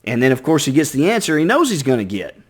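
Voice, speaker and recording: A man's voice: medium pitch, big pitch swings, fast, husky. A man giving casual reaction commentary, chatty and acting out little inner voices. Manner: chatty, acts out inner voices, repeats himself. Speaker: reaction video host.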